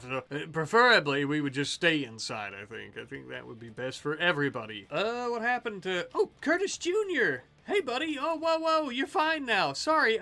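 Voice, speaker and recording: A young man casually commenting on his own gameplay, excitable, joking and swearing at the game. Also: on the high side. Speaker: let's play host.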